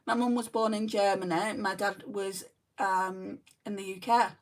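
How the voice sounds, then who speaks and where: A woman's voice: medium pitch, flat delivery, moderate pace, distant mic. Chatty New Zealand woman on a makeup livestream. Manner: chatty, reads out and answers viewer comments. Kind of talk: casual chat reading live comments.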